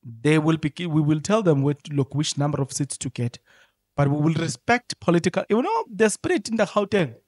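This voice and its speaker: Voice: medium pitch, animated, brisk, darkish tone, no room sound, studio quality. A political commentator with a South African accent, delivering an emphatic, repetitive unscripted monologue. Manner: emphatic, repetitive, switching into isiZulu.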